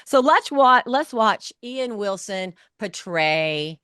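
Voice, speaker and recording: A woman's voice: mid-range voice, lively intonation, takes it slowly, few pauses, pushed and bright, smooth, no echo. Effusive woman hosting a podcast, dry sound. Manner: effusive, gushing praise with restarts. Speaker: podcast host and producer. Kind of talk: warm enthusiastic interview chat.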